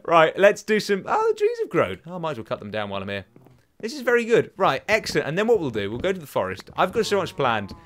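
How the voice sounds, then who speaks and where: A man's voice: on the high side, very animated, quick pace, a bit bright. A young man hosting a let's play from home, rambling to himself and taunting enemies as he plays. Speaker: gaming channel host. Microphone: desk microphone.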